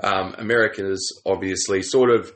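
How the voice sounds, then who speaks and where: A man's voice: low voice, steady tone, normal speed, fairly bright tone. Laid-back Australian podcast host, man. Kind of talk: casual podcast chat.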